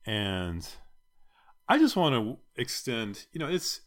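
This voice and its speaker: Man co-host, joking, mid-pitched, swings his voice around a lot. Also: wildly swooping pitch, slow, fairly bright tone. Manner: playful, mock-grand announcing. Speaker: podcast co-host. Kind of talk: casual chat.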